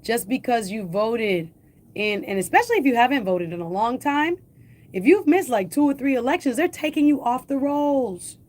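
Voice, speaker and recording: A woman hosting a radio talk show addresses her listeners urgently in a slightly high, somewhat dark voice with lively intonation and a moderate pace. She hammers her main points through repetition, poses rhetorical questions, and speaks straight to the audience.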